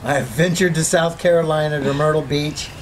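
A man's voice: a little high, steady tone, normal speed, slight background noise, poor audio. A man co-hosting a camping vlog, chatting casually and laughing a lot. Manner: laughing, amused. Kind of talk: casual chat.

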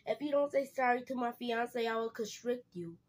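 Woman voicing a plush snake guy, low slow threats, homemade skit. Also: natural voice. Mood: menacing. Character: threatening male plush snake, a protective fiance.

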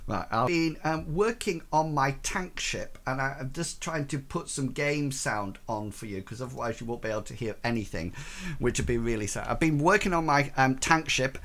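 Lively, bright-voiced man streaming. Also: mid-range voice, moderate pace. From United Kingdom. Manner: playful, self-mocking, chatty. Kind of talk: casual game stream chat.

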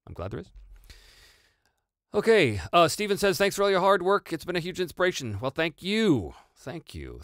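A man's voice: medium pitch, no echo, studio quality. A man hosting a tabletop RPG channel, answering viewer questions in casual chat with plenty of fillers and restarts. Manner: animated, rambling, many fillers and restarts.

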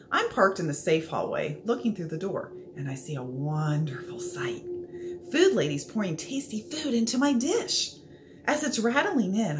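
Expressive woman reading a children's story. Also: mid-range voice, a little hiss or hum. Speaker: reader of a children's book. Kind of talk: storybook read-aloud.

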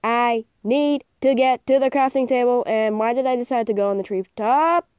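A teenage girl giving casual, self-mocking commentary over her own game, sometimes bursting into loud cheers. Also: a little high, normal speed, clean tone, dry recording, highs cut off. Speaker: gaming channel host. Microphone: phone screen recording.

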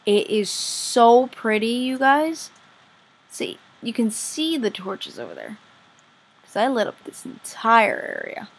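A woman commenting casually on her own game play as a vlogger, chatty and easily excited, gushing over what she finds. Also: a little high, slow, gravelly, slight background noise. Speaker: gaming vlogger.

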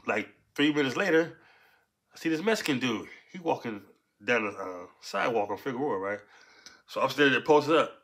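A man casually telling a story from his past in street slang, punctuating it with "right?" and "so boom". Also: expressive, a little fast, a bit bright. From Los Angeles.

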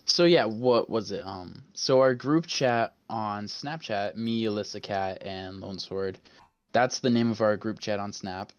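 A young man co-hosting a casual podcast, joking loudly and swearing freely. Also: fairly low pitch, measured pace, no room sound, lo-fi sound. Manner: joking, loud, swears freely, puts on a radio host voice. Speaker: podcast co-host. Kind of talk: casual chat.

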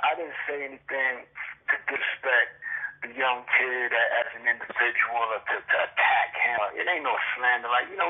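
A man's voice: mid-range voice, breathy edge. A man from Brooklyn with a New York accent, a guest in a phone interview, talking in streetwise slang and keeping on asking whether he is understood. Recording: tinny phone line.

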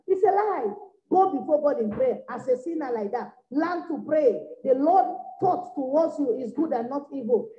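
In a church meeting room, a high-voiced woman evangelist preaches a revival sermon, expressive and at a moderate pace. She exhorts repetitively, swinging from soft passages to loud bursts, captured in an echoey, dull lo-fi room recording.

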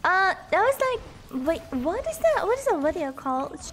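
A woman's voice: extremely high pitch, big pitch swings, moderate pace, a bit bright, slight background noise. A young woman streaming a video game, chatting casually and giggling often. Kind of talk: casual gameplay chat.

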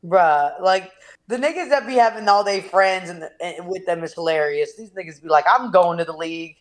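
A laid-back woman on a gossip podcast chats in loose slang. Her voice sits a little low. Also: moderate pace. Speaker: podcast co-host. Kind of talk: casual chat.

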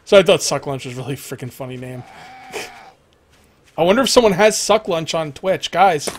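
A man's voice: fairly high pitch, animated, normal speed. A young man streaming a survival game live, rambling, joking, thanking followers and swearing at the game.

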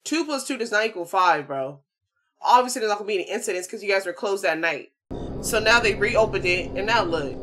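A woman's voice: mid-range voice, animated, a little fast, a bit bright, poor audio. A woman hosting a horror game let's-play, talking casually with viewers and repeating panicked phrases over and over. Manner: casual slangy chatter with viewers. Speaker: gaming channel host.

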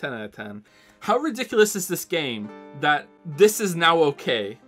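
A male streamer gives casual let's-play commentary on a video game as he plays, talking excitably, swearing readily and cracking sarcastic jokes. His voice is a little high, and faint game music plays behind him.

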